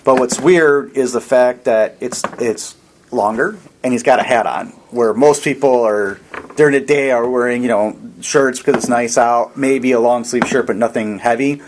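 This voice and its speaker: A man's voice: mid-range voice, normal speed, a little hiss or hum, low-quality recording. Easygoing male dungeon master. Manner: relaxed, rambling descriptions with fillers. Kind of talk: narrating a tabletop game.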